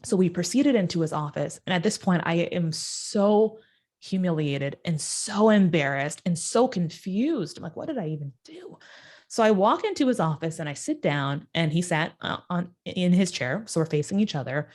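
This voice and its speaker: A woman guest in an interview telling a personal story, acting out the quoted voices with sudden jumps in pitch. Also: expressive, moderate pace, darkish tone.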